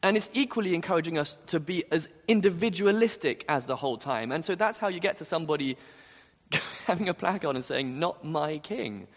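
Earnest male preacher in a reverberant hall. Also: high voice. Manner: earnest, emphatic, with rhetorical questions. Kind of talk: sermon. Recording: long reverb of a large hall.

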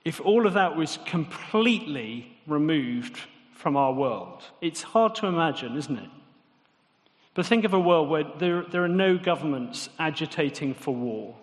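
A man's voice: on the high side, lively intonation, measured pace, big-room sound. A man preaching a sermon in a conversational way, often putting questions to the congregation.

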